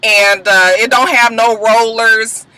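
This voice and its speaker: A woman's voice: fairly high pitch, steady tone, slow pace, pushed and bright, low-quality recording. A woman from Atlanta, telling a blunt, profanity-filled storytime vent from an airport terminal. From Atlanta, USA. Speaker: vlogger.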